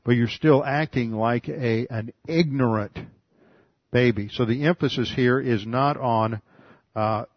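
A man delivers an expository Bible lesson in a steady, mid-pitched voice, working methodically through the text. He spells out Greek words letter by letter and repeats his key points. The recording is dry and somewhat muffled. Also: no echo. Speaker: Bible teacher.

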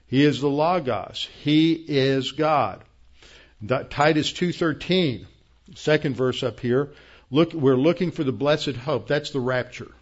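A man's voice: mid-range voice, a little slow. Man teaching a Bible lesson, muffled sound. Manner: plain explaining tone with frequent fillers and restarts. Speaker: pastor.

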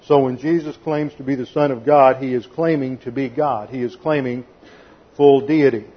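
Man preaching, husky voice, methodical numbered points, dull lo-fi recording. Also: mid-range voice, fairly even intonation, fairly quick. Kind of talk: expository sermon.

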